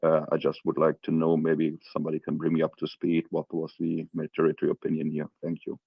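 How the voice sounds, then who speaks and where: Male caller, German accent, just woke up, blunt. Very low gravelly voice, muffled lo-fi line. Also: monotone, a little fast, dry recording. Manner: blunt, plain-spoken. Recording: dull lo-fi online audio.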